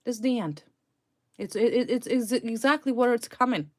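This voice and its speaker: A woman's voice: on the high side, lively intonation, moderate pace, a little mellow. A woman reading tarot cards for viewers, talking emphatically and indignantly and repeating her key words. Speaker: tarot reader.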